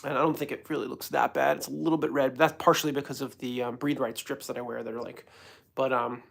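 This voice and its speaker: A man from New York rambles through a casual livestream chat. His voice is gravelly and creaky, and his pitch sits in a middle range. He talks in a hyper, self-mocking way, jumping from one thought to the next. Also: flat delivery, fast. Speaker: host.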